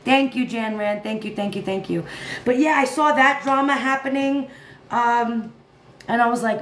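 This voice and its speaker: A woman's voice: on the high side, moderate pace, fairly bright tone. A tired woman hosting a casual livestream, rambling, laughing often and chatting with her viewers and her cat. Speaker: livestream commentary host. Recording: echoey room with faint noise.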